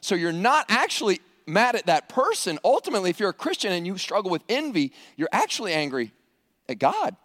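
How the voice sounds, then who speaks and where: A middle-aged male pastor preaching a sermon, animated, acting out quoted voices and often repeating words as he goes. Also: high-pitched, a little fast, no room sound, studio quality.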